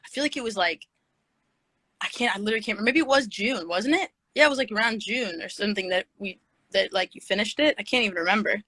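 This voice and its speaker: A woman hosts a casual livestream from her phone, giggling and scattered as she reads fan questions aloud. Her voice is bright and sits close and dry on the mic. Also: medium pitch, quick pace, dry recording, rough recording. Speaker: livestream host. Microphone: phone video stream.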